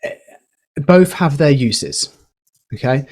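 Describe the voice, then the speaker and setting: A man on a podcast, explaining communication skills in a lively, teacherly way with a few fillers. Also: medium pitch, slow, breathy edge. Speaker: podcast guest, communication educator. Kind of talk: explaining, casual podcast chat.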